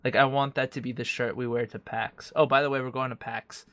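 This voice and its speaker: A man's voice: medium pitch, level tone, fairly quick, fairly bright tone, dry recording. Young male podcast host, casual and jokey with loose swearing, recorded dry. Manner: loose, joking, swears freely. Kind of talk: casual chat.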